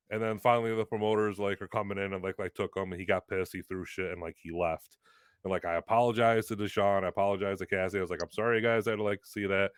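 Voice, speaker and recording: A man's voice: on the low side, fairly even intonation, brisk, a bit bright, clear, resonant tone, no echo, studio quality. A man, a wrestler from Western New York, telling a story on a talk show in a casual, rambling way with lots of "like". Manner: rambling, heavy use of "like". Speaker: guest, pro wrestler.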